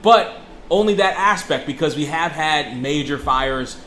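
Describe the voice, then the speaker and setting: A man's voice: on the high side, animated, measured pace, sharp tone, echoey room, slight background noise. A man co-hosting a casual podcast, emphatic and profane, repeating himself as he argues a point. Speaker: podcast co-host. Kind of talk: casual chat.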